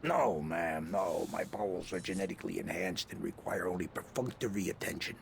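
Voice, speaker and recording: A gravelly stubborn stakeout cop. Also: male voice, low voice, brisk, a little hiss or hum. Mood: deadpan. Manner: deadpan, clipped, flares into anger. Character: gruff male detective on a stakeout, stubborn. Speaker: game character.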